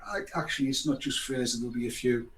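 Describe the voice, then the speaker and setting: The host, an older man, talks quickly in a medium-pitched, slightly bright voice. His casual chat is rambling and sarcastic, peppered with mock apologies, recorded in an echoey space with faint background noise.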